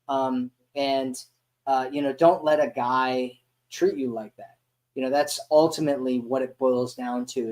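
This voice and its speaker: Brief: man, mid pitch, relaxed conversational dating coach. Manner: loose, conversational, many fillers like "you know". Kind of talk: casual advice talk.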